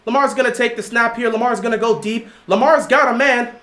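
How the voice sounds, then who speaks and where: A man hosting a livestream, calling a football game live and lecturing his chat in an animated way. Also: very high voice, brisk. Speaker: livestream host. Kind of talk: live game watch-along commentary. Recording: roomy echo.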